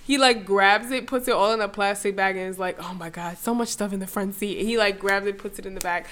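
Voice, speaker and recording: Young woman from ny ranting through a story, cussing, doing everyone's voices, middle pitched. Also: fast, a little hiss or hum. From New York area. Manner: animated, swearing, mimics people in quotes. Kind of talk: casual storytelling chat.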